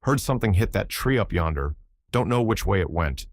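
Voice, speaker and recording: Casting: sly drawling Southern teen boy read by a deep-voiced man, wheedling. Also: expressive, a little fast, no echo, studio quality. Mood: evasive. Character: sly teenage boy, Black Southern servant.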